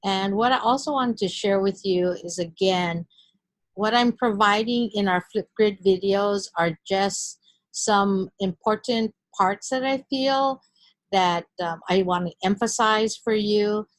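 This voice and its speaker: Woman instructor, middle-aged, medium-pitched voice, clear deliberate delivery, dry sound. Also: no room sound. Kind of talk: recorded online lesson.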